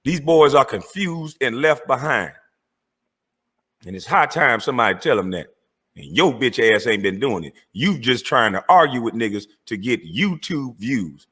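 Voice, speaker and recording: Husky man in an angry rant. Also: medium pitch, big pitch swings, moderate pace, fairly bright tone. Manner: confrontational, cursing, calling out rivals. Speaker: online commentator.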